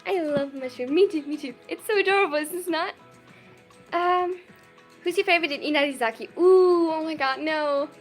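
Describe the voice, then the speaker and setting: High, bubbly voice with German accent. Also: faint music behind. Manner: bubbly and effusive, quick to gush thanks and laugh. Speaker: livestreamer. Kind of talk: casual livestream chat, reading viewer messages aloud.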